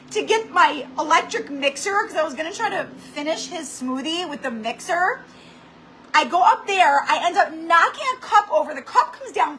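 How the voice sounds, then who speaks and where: A woman's voice: very high-pitched, a little hiss or hum, low-quality recording. A woman hosting a craft livestream, chatting animatedly and dramatically, full of "like"s. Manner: animated, dramatic storytelling with lots of "like". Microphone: computer or camera mic for a live stream.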